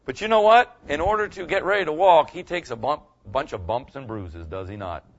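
With a fairly high pitch and a brisk delivery, an older man preaches a down-home, conversational sermon and often checks with listeners by saying "okay?" The recording is muffled.

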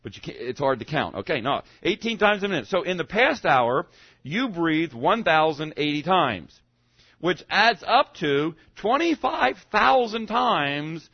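A man's voice: big pitch swings, unhurried, creaky, no room sound. Man preaching a chatty sermon, muffled. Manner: conversational, keeps asking "okay?", stammering restarts; swings between emphatic rises and low quiet asides. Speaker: pastor. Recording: dull, muffled lo-fi recording.

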